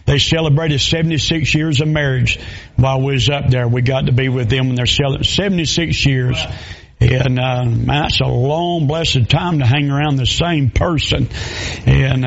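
A pastor, preaching a sermon in a folksy storytelling way with plain dialect grammar. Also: male voice, medium pitch, fairly even intonation, moderate pace, vocal fry, muffled recording, slight background noise. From Southern US.

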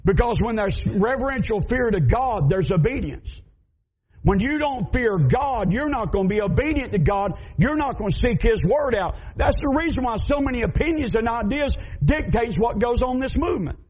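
A man with a Southern American accent preaching a fervent sermon, emphatic and building up to shouts. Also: extremely high pitch, lively intonation, normal speed, husky, dull audio.

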